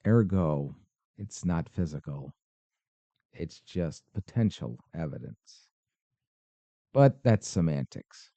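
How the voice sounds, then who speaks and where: A man's voice: very deep voice, lively intonation, slow, long pauses, warm tone, no room sound, highs cut off. A man hosting a podcast, reacting to paranormal videos with skeptical, sarcastic commentary. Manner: skeptical, dry, sarcastic asides. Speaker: podcast host.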